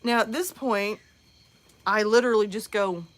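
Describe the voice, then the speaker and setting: A mother hosting a live show, telling a comic story in a lively, chatty way with lots of fillers. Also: medium pitch, moderate pace. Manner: animated, many "like" fillers, acts out voices.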